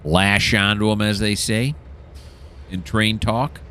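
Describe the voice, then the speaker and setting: A man's voice: on the low side, steady tone, slow, sharp tone, slight background noise. A man casually commenting while playing a train simulator game, joking and mocking himself as he rambles. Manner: jokey, self-mocking, rambling. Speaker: gameplay commentator.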